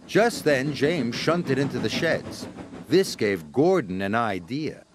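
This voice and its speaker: A man reading a children's storybook in an expressive, gently dramatic way. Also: mid-range voice, slow, noisy background.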